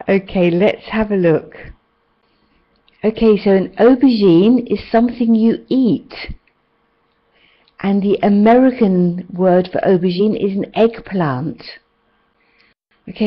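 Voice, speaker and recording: This British woman runs an online English lesson in a patient, encouraging way, putting question after question to her students. Her voice sits at an ordinary middle pitch. The sound is dull and lo-fi, like a video call. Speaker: English teacher.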